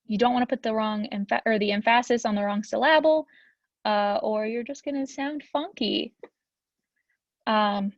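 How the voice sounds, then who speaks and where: A woman's voice: fairly high pitch, no echo, highs cut off. Chatty young woman teaching grammar. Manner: chatty, frequent ums, upbeat asides. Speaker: Spanish teacher. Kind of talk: recorded grammar lesson.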